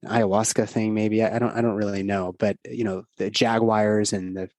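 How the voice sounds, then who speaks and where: A man's voice: fairly low pitch, level tone, brisk, darkish tone, no room sound. A middle-aged man, a doctor guesting on a podcast, telling a personal story in an earnest, rambling, casual way.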